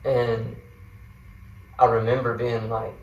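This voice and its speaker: A man's voice: medium pitch, little pitch movement, slow, roomy sound, far from the mic, dull audio. A man, a guest mentor, tells a personal faith story in an earnest, rambling way, full of fillers and restarts. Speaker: guest mentor sharing a testimony.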